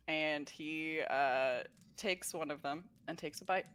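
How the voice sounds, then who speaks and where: A woman's voice: deep voice, slow, a bit bright, smooth. A woman playing a tabletop game, describing her character's actions. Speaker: player.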